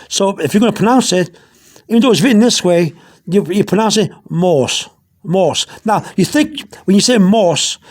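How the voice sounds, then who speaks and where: High-voiced man teaching pronunciation. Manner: repetitive, patient, restarts often. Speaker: Spanish teacher. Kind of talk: informal pronunciation lesson. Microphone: phone held in one hand.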